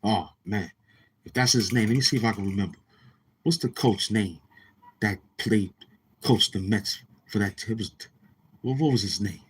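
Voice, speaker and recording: A man's voice: lowish voice, normal speed, long pauses, husky. A man from Brooklyn, hosting a livestream and telling rambling, profane stories while calling out to the chat. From Brooklyn, New York. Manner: rambling, profane, keeps asking the chat questions. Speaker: show host.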